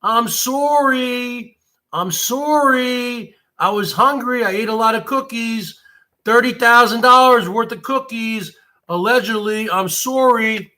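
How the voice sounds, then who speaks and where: A man playing a fawning Canadian man who apologizes endlessly, slow and high, bright tone. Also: exaggerated voice. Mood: mock apologetic. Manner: mocking, exaggerated drawn-out apologies. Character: groveling apologetic Canadian man, overly sorry.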